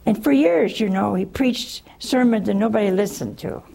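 A religious sister answering a caller on a call-in show, telling stories in a folksy, chuckling way. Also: female voice, mid-range voice, moderate pace, gravelly, mellow. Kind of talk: call-in advice with storytelling.

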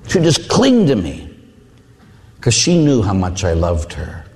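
Animated priest preaching in a reverberant hall. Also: male voice, on the low side, measured pace. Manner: animated storyteller, acts out voices. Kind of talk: sermon with personal stories.

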